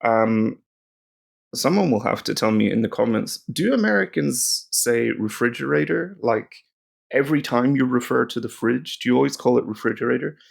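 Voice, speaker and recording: Brief: Northern Irish male tutor, mid-pitched, gravelly, rambling and informal. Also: expressive, moderate pace. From Northern Ireland. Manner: rambling, chatty, with frequent ums. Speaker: language teacher. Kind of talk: casual language lesson.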